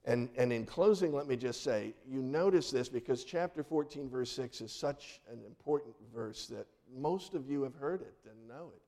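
Male pastor, middle-aged, mid-pitched warm voice, earnest sermon delivery that sinks to a hush for emphasis. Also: normal speed, hardly any pauses. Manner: earnest preaching with dramatic soft drops.

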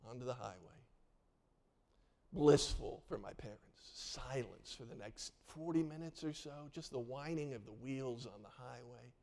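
Older man preaching with a mellow voice. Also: medium pitch, normal speed, vocal fry. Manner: storytelling, acting out voices of family in the tale. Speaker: pastor. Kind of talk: sermon.

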